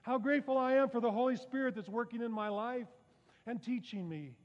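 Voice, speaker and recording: A pastor with a high voice delivers a fairly quick sermon in a church sanctuary, staying conversational with rhetorical questions and wry self-deprecating jokes. The sound is somewhat muffled, with a long reverb trailing behind.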